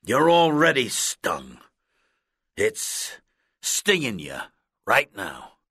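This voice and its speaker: A man voicing a loud, gruff middle-aged gym coach who barks orders in a read-aloud story. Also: mid-range voice, wildly swooping pitch, drawn-out words, no room sound, clean studio sound, pitched above the performer's own voice, full character voice. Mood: explaining. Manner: barking, shouting orders. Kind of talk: storybook character voice.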